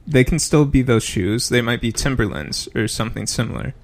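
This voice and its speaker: A man in casual podcast chat, speaking in a measured, deadpan way. His voice is gravelly and sits at a middle pitch. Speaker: podcast co-host.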